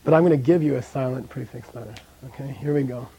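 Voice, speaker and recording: A man's voice: medium pitch, fast talker, vocal fry, warm tone, a little hiss or hum. A man teaching a language class in a classroom, chatty, often checking in with "okay?" and drilling pronunciation.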